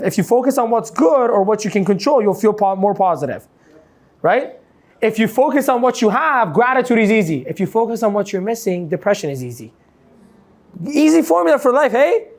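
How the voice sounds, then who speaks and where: Speaking in a high-pitched voice, a man gives a lively motivational seminar as a coach. He keeps asking the crowd "yes or no?" and plays out scenarios to make his points.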